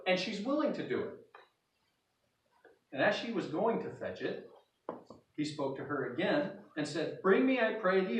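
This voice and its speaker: A pastor from North Idaho giving a sermon in a folksy storytelling way, acting out the scenes he describes. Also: medium pitch. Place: church sanctuary. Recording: roomy hall, voice from a distance.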